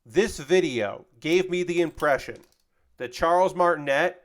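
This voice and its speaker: A man's voice: a little high, unhurried. A man chatting casually on a live stream while building LEGO, rambling and swearing freely as he reads out chat messages.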